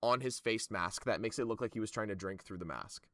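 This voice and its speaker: A man narrates a tabletop game as game master, using lots of fillers and a loose delivery. His voice is fairly low. The recording is dry and close. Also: a little fast, fairly bright tone, dry recording.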